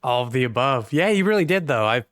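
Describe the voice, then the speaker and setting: A man chats through a film recap on a podcast, jumping into quick voices for the characters as he retells scenes. His pitch swings high and low, and the sound is dry and close with no room around it. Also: expressive, a bit bright, no echo. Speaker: podcast co-host. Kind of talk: casual movie review chat.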